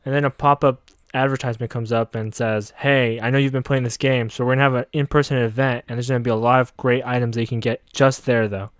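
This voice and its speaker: A young man recapping an anime in casual, profane comedy style, with sarcastic mocking asides and raised pitch when quoting girls. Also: clean tone, no echo, studio quality.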